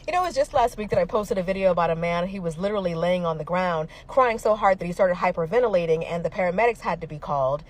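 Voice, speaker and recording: A woman giving reaction commentary in an animated way, mimicking the people she mocks. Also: on the low side, fast talker, few pauses. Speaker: social media commentator.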